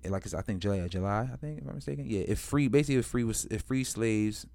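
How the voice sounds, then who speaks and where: A man with a low, smooth, mellow voice tells a history story in loose street slang, swearing freely and restarting his sentences. He acts out both sides of the story in quoted voices. The sound is dry and close. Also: fast, no room sound. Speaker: history commentator. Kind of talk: casual history talk.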